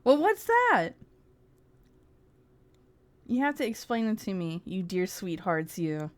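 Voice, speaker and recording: Giggly sarcastic woman streamer, slow drawl. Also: mid-range voice, wildly swooping pitch. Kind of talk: casual livestream commentary.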